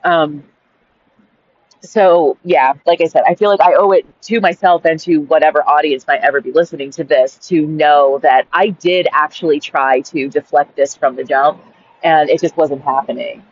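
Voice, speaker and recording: A woman's voice: low voice, steady tone, normal speed, slightly rough. A woman who reads her old journal entry aloud, then tells the story in a frank, rambling way with lots of "like"s and a bit of swearing. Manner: rambling, with many "like"s and restarts; frank and exasperated, swears freely. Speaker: vlogger. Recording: slightly dull lo-fi recording.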